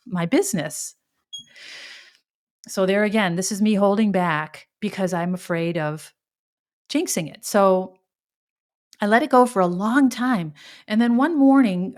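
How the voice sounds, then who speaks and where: A middle-aged woman hosting a podcast, telling a personal story in a rambling way, often backtracking and acting out quoted exclamations. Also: medium pitch. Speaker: podcast host.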